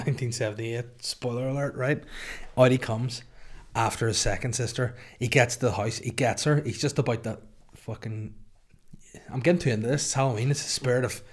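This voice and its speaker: A Northern Irish man in his thirties, hosting a podcast in a casual, jokey, sweary storytelling chat. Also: mid-range voice. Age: 30s. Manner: rambling, sweary, jokey asides to his co-host. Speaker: podcast host.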